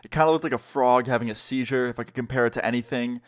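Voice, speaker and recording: A young man telling a story in a casual, animated storytime vlog. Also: medium pitch, fast. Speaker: vlogger.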